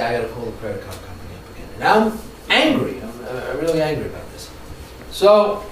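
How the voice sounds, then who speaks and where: Animated male trainer in an echoey room. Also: medium pitch, slight background noise. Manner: animated storyteller, asks the audience questions. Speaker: workshop trainer. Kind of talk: training workshop lecture. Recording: echoey room, mic from far off.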